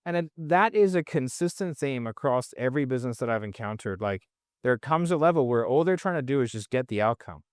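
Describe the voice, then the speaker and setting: A man's voice: medium pitch, a little fast, clear, resonant tone, no echo, studio quality. A man, guesting on a podcast, ranting bluntly and swearing a lot in casual conversation. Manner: blunt, profane, animated ranting.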